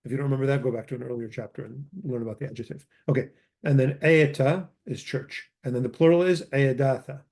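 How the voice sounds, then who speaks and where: A man's voice: mid-range voice, fairly even intonation, fast, creaky, a little mellow. A man teaching a grammar lesson, explaining words patiently and often stopping to correct himself. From Chaldean community. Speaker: language teacher.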